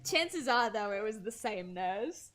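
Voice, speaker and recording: Bright-voiced young woman rambling casually. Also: medium pitch, lively intonation, measured pace, soft background music. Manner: rambling, slangy, swears freely. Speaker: streamer and artist. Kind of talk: casual livestream chat while drawing.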